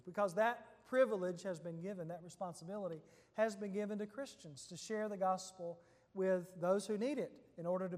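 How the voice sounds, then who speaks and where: A male preacher retelling a scripture passage in a relaxed, conversational sermon, quoting verses as he goes. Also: high voice, in a large hall. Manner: conversational storytelling with quoted scripture.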